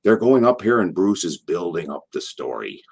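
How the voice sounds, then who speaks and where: A man's voice: sits low, big pitch swings, moderate pace, gravelly, a little mellow, husky. An older man, a former wrestler, telling a rambling story in an interview and acting out the people in it. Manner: rambling, acts out quotes in voices. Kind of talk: animated storytelling.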